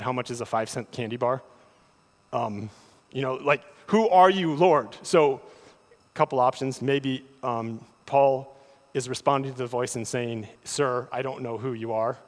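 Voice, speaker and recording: A man preaching a sermon, often repeating words as he starts a thought, with animated delivery. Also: mid-range voice, moderate pace. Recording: long hall reverb.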